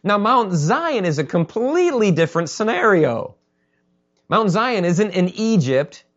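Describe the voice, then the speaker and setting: A man who is a pastor, preaching a conversational sermon and acting out quotes with lively energy. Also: sits high, unhurried, lo-fi sound.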